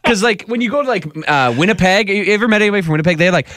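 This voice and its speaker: A man's voice: high-pitched, lively intonation, rapid-fire, fairly bright tone, no echo, studio quality. A man co-hosting a radio show, chatty and joking, rambling through his theories. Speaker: radio co-host. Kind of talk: morning radio banter. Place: radio studio.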